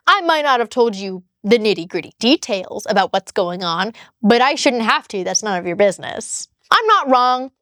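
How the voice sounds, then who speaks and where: A woman with a high-pitched voice tells her story in a casual vlog, heated and exasperated as she reads out text messages. Her voice sits close and dry, with no room sound around it. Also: animated, moderate pace, few pauses, a bit bright, dry recording. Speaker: vlogger telling her divorce story.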